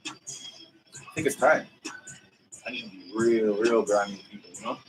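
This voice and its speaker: A man's voice: fairly low pitch, steady tone, slow, recorded from a distance, soft background music, low-quality recording. A man co-hosting a podcast in casual chat, joking around and prodding the others for details. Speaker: podcast co-host.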